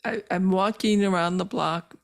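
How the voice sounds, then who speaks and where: An older woman, a physician, telling her personal story as a podcast guest, earnest and halting with many fillers and moved as she relives it. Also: mid-range voice, fairly even intonation, creaky. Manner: emotional when reliving moments.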